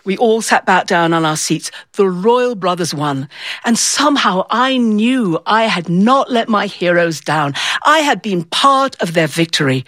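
Lively, theatrical woman storyteller. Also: medium pitch, no room sound. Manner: animated, theatrical, with playful voices. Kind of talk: performed personal storytelling.

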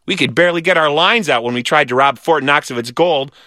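A man reading a children's story aloud in a lively, animated way. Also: on the high side, fairly quick, no room sound, clean studio sound.

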